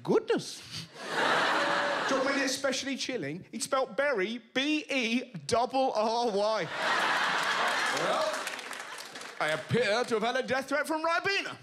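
A man's voice: very high-pitched, measured pace, long pauses, very noisy. A man doing a stand-up comedy routine, telling stories and acting out other people's voices. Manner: animated storytelling, acting out voices. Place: comedy venue before a live audience. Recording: live show with loud crowd laughter.

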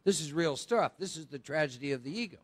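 A man's voice: a little high, animated, fast talker. A man speaking at a live recovery workshop, chatty and quizzing his audience with rhetorical questions.

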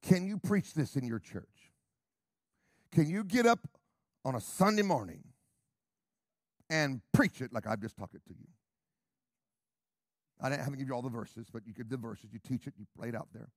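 A middle-aged man preaching a sermon with emphatic repeated questions, dropping to whispers and rising to loud calls. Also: mid-range voice, expressive, moderate pace, pauses often, no room sound, studio quality.

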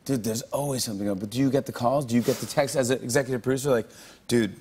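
A man's voice: medium pitch, fairly even intonation, a little mellow, breathy edge. A man hosting a talk show, chatting with a guest and eagerly agreeing. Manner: eager, quick to agree and laugh along. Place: TV studio with audience.

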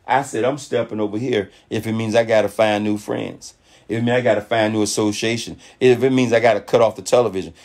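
A man giving a fired-up motivational talk to his network marketing team, preachy and animated, acting out other people's voices in quotes. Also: mid-range voice. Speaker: network marketing leader speaking on a call.

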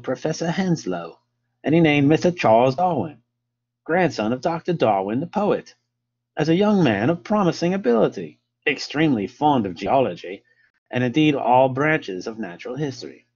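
A man with a put-on British accent, voicing a formal British naval captain by reading his old letter aloud in a measured way. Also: medium pitch, a little mellow, slightly rough, lo-fi sound.

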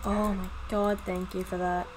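A young woman chatting through a live gaming stream, talking to her viewers and teammates and breaking into high yelps when things go wrong. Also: flat delivery, a little slow, background noise. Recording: faint music in background.

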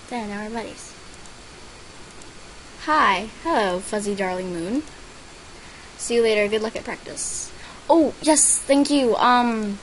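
A teenage girl casually narrating her gameplay at a middle pitch. She reads out player names and chat messages and bursts into excited squeals at gifts. A faint hiss sits under the recording. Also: rough recording. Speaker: gaming vlogger.

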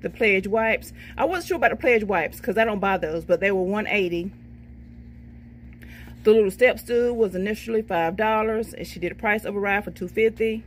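A woman's voice: mid-range voice, moderate pace, a little hiss or hum. A middle-aged woman, chatting casually through her shopping haul and reading each price off a receipt. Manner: chatty, folksy, says "okay, baby" to herself. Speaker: vlogger showing a shopping haul.

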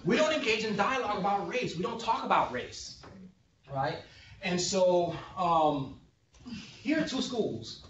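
A man's voice: high-pitched, sing-song, measured pace, fairly bright tone, slight background noise. A man giving a conversational lecture as a sociologist, joking and often checking in with his audience. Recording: echoey room, distant and dull.

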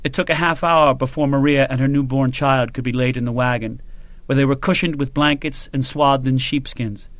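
A man reading an audiobook in measured, grave scripted narration. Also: mid-range voice, steady tone, a bit bright, no echo.

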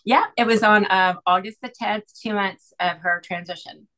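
A middle-aged woman telling an emotional personal story as an interview guest, earnest and halting, with many restarts. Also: medium pitch, bright, forceful tone, rough recording. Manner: earnest, halting, full of "you know" and restarts.

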